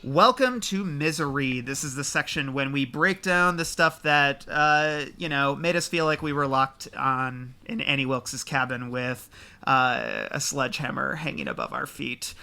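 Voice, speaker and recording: A man's voice: mid-range voice, expressive, unhurried, vocal fry, pushed and bright. A man hosting a book podcast in casual chat, rambling a little as he introduces segments. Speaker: podcast host.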